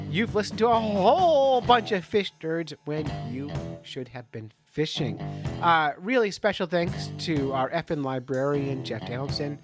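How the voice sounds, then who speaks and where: A man hosting a fishing podcast, chatty and enthusiastic as he signs off. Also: mid-range voice. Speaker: podcast host. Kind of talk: casual podcast sign-off.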